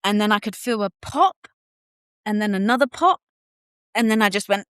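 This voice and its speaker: A woman's voice: medium pitch, animated, normal speed, a bit bright, clean tone, no echo, studio quality. A young adult woman on a podcast, candidly and animatedly telling her personal birth story and acting out what people said. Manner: candid, casual, occasional swearing. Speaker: podcast guest.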